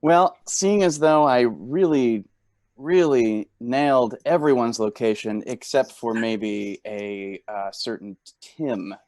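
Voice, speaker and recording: Man, improv player, playful boasting banter, mid pitch. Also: slow, darkish tone. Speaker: comedy game player.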